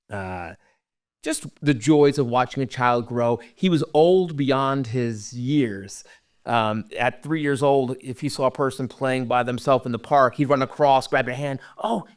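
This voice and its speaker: A middle-aged man telling his own story as a podcast guest, earnest and halting, often dropping to a hush. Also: medium pitch, clean tone, no room sound, studio quality. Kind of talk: personal storytelling.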